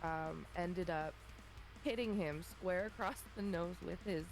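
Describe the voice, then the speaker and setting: A woman in her thirties telling a funny childhood story in a relaxed chat, acting out her family's voices. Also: on the low side, measured pace, faint music behind, low-quality recording. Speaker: streamer guest. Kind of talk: casual storytelling.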